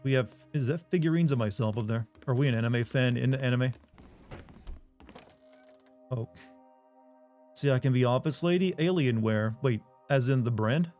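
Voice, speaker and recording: A man's voice: mid-range voice, moderate pace, pauses often, darkish tone, soft background music. A man streaming a video game live, joking wryly and reading the game's text aloud.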